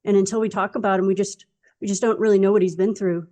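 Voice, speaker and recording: A woman's voice: medium pitch, fairly even intonation, fast talker, warm tone. A woman playing a tabletop role-playing game, talking in character in an earnest, rambling way full of fillers. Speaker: player.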